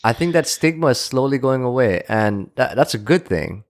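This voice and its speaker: A man's voice: medium pitch, expressive, moderate pace. Tentative, thoughtful podcast co-host man. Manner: thoughtful and tentative, searching for words. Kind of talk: casual chat.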